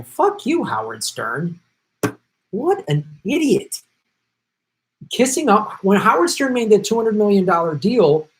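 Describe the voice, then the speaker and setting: A man's voice: high-pitched, poor audio. A man hosting a political commentary show, ranting with indignant sarcasm and emphatic repetition.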